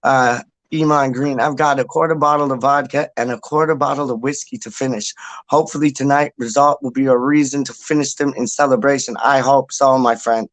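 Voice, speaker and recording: A man speaks briskly in a mid-range, steady voice on a dry recording. As host of a laid-back livestream, he reads out viewer comments, meandering, repeating things and swearing in passing.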